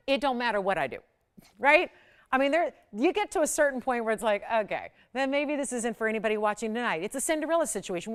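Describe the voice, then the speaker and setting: A woman hosting a live shopping channel, pitching jewelry in a chatty, persuasive way that builds to excited peaks. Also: smooth.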